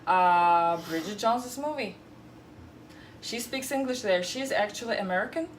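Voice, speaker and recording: A woman's voice: medium pitch, lively intonation, normal speed. Woman teacher chatting, laughs a lot, lots of uhs, faint noise behind. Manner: laughs often, many fillers. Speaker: English teacher. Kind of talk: casual chat.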